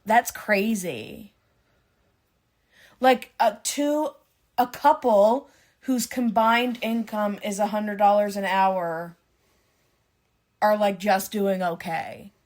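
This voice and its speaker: A Canadian woman co-hosting a podcast in casual chat, chatty and excitable, quick to gasp and laugh. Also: mid-range voice. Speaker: podcast co-host.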